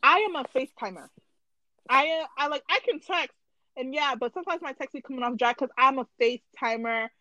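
A woman co-hosting a podcast in casual chat, slangy and animated, making long points. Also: high voice, a little fast, dry recording, dull audio. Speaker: podcast co-host.

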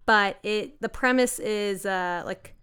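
A woman chatting casually with friends on a podcast, animated and quick to dive into details. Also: mid-range voice, smooth. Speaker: podcast panelist. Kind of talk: casual group chat.

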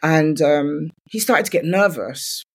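A woman's voice: low-pitched, animated, slow pace, slightly rough. A woman, a guest in an interview, candidly retelling her own story in loose speech full of "like" fillers.

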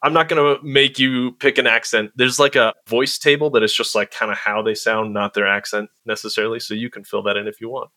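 Chatty man with a bright voice. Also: mid-range voice, fairly quick, hardly any pauses, dry recording, clean studio sound. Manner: relaxed, chatty, lots of "like". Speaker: host and game master. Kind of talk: explaining a role-play game, casual.

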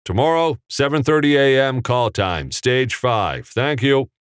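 A man playing an upbeat male assistant director who makes loud, announcing calls. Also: medium pitch, animated, unhurried, clear, resonant tone, dry recording, clean studio sound, pitched above the performer's own voice, natural voice.

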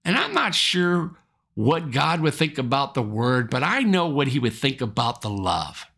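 A man's voice: mid-range voice, very animated, unhurried, vocal fry, fairly bright tone, breathy edge. A man, a pastor, preaching a sermon and telling a personal story in an earnest, storytelling way.

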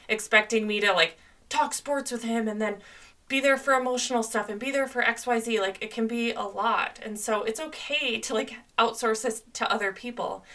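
A woman's voice: medium pitch, sharp tone, recorded from a distance. A young woman hosting a podcast, talking through relationship advice in an earnest, conversational way with lots of "like"s. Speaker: podcast host. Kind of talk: solo podcast advice talk.

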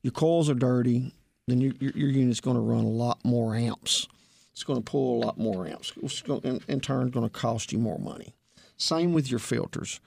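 A plainspoken man with a Southern accent speaks as a radio guest, his voice gravelly with steady fry. He fills his answers with ums and folksy grammar. The studio sound is close and dry. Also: mid-range voice, normal speed, dry recording. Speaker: HVAC technician guest.

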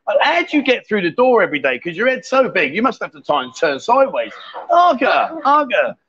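A man with a high, light voice hosts a live stream from a bar, teasing and joking with his guests in easy banter. The audio is dull and lo-fi. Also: very animated, fast talker, fairly bright tone, breathy edge. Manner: teasing, jokey and chatty. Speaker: livestream host.

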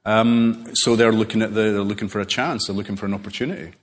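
A man being interviewed as a novelist, telling rambling, animated stories full of self-corrections. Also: fairly low pitch, fast talker. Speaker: novelist guest. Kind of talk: relaxed conversational interview.

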